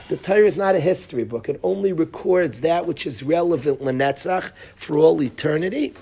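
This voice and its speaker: A man lecturing as a rabbi in a Torah class, telling the story with animated energy and sprinkling in Hebrew and Yiddish terms. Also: high voice. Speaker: rabbi, yeshiva head.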